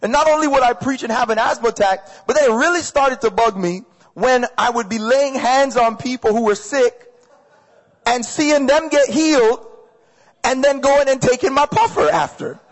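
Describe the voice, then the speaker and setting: A man with a fairly high voice preaches a sermon, energetic and conversational. He drives points home by repeating short phrases and speaking straight to the listeners. The sound carries a long reverb from a large hall. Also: moderate pace. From Canada. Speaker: pastor. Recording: echoey hall.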